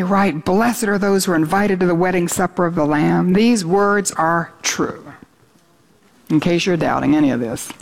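An earnest woman preacher delivering a sermon, her voice sitting at a middle pitch. She talks steadily and lifts to an exultant tone as she reads scripture. Her delivery stays fervent and sincere. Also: a little mellow. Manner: earnest, rising to exultant when reading scripture.

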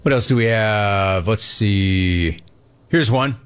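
A man's voice: on the low side, slow, smooth. A man hosting a sports talk radio show, giving a sarcastic and emphatic monologue.

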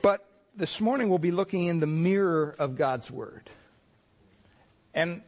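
A man pastor preaching a sermon in a folksy, storytelling way, acting out the people in his anecdotes. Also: on the high side. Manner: folksy storytelling with many restarts and voiced quotes.

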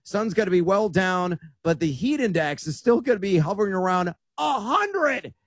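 A man with a slightly high voice breaks down college football picks with upbeat emphasis, peppering his talk with "uh." The sound is dry and close. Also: sing-song, moderate pace, dry recording. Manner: frequent "uh" fillers, upbeat and emphatic. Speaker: sports analyst co-host. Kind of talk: sports betting analysis.

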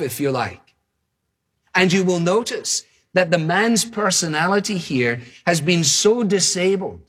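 A man's voice: on the high side, a bit bright, husky, in a large hall. A man preaching a sermon, driving his points home with emphatic, repeated phrases. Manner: emphatic, repetitive, building phrases.

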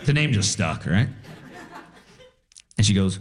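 A man's voice: deep voice, normal speed, long pauses. A man doing a stand-up comedy set on a live stage, telling personal stories. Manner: storytelling with animated voices for quotes.

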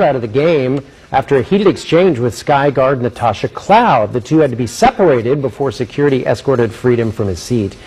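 A man reading local TV news in a measured way, with occasional fillers. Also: medium pitch, darkish tone. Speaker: news anchor.

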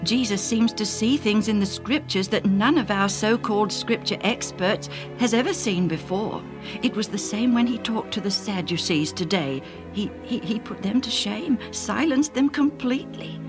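A woman's voice: mid-range voice, animated, normal speed, lightly acted. A woman reading a story aloud, voicing a devout, emotional man who stammers and repeats his words. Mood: impressed. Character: earnest stammering adult man, a devout believer. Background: music.

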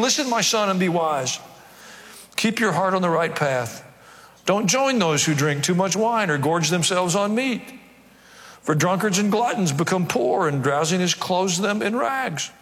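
A man, a pastor, preaching a sermon in a conversational way with wry asides, reading scripture aloud in slower, measured tones. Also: high voice, lively intonation, a bit bright, long reverb tail.

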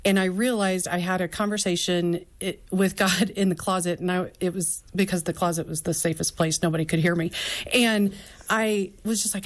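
A woman's voice: on the low side, fairly even intonation, normal speed. A woman speaking as a guest, telling her own story of faith and doubt in an earnest, flowing way. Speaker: podcast co-host and author guest. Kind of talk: candid personal faith talk.

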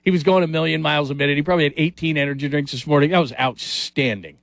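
Enthusiastic sports radio host, dry studio. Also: male voice, a little high, racing, gravelly, dry recording. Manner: energetic, rambling, enthusiastic.

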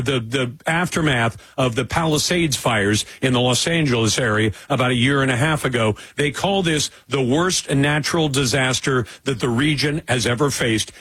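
A man's voice: medium pitch, a bit bright, husky, no echo, poor audio. A man hosting a talk radio show, speaking in a conversational, emphatic monologue with personal asides.

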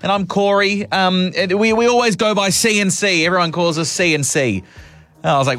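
A man's voice: high voice, brisk, a bit bright, faint music behind. A young adult man with an Australian accent hosting a radio show, telling stories in a chatty, self-mocking way. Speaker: radio host. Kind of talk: casual radio chat.

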